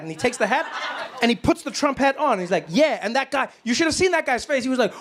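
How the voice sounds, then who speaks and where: A man doing a stand-up comedy set, telling stories in an animated way and jumping into acted voices. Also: fast talker, background noise. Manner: animated storytelling, acts out voices with loud high bursts.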